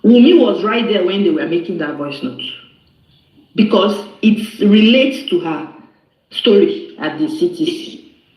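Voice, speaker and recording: A man with a high, lively voice quizzes the others in a casual group discussion. He talks in an animated way, and his audio sounds echoey. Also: measured pace. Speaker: panelist. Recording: echoey online call.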